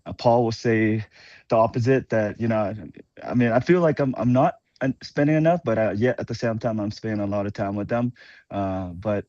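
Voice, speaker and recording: A man with a lowish voice speaks earnestly and haltingly as a guest on a group call. His audio is a bit muffled and dry. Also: dark tone, no echo. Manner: earnest, halting, many fillers. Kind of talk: casual chat.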